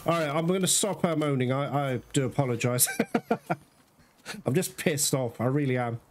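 A man's voice: mid-range voice, moderate pace, a little hiss or hum. A man doing let's-play commentary, exasperated and swearing often as he talks to his viewers. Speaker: gaming channel host. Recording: loud game music behind voice.

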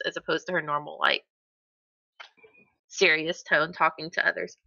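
A woman's voice: deep voice, flat delivery, moderate pace, vocal fry, pauses often, sharp tone, highs cut off. A woman playing a tabletop role-playing game, describing her character animatedly. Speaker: player.

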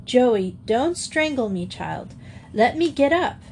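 A woman reader voicing a plucky young woman, shaken but gently firm. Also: on the high side, sing-song, slow pace, slight background noise, voice pushed up, exaggerated voice. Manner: weak, composed, gently firm.

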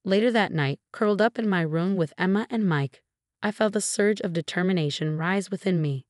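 A woman narrating a first-person story in an even, steady way. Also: fairly low pitch, moderate pace, dry recording, clean studio sound.

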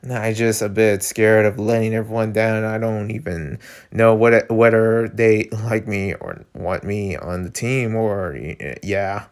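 A man's voice: fairly low pitch, fairly even intonation, a little slow, smooth, voice pushed down. A man reading a webcomic aloud, voicing a shy and anxious teenage boy who speaks hesitantly. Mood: worried. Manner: hesitant, soft-spoken.

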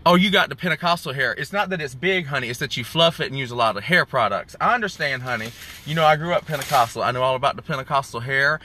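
Sitting in his car in the rain, a vlogger chats sassily to viewers on a phone live stream, calling them y'all and honey. His medium-pitched voice is fast, pushed and bright, with slight background noise.

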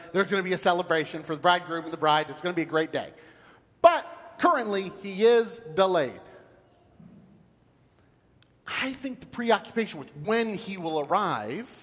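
An American pastor delivers a sermon in a church sanctuary, his high male voice carrying through the large hall. He tells stories with animation and acts out the characters in a joke.

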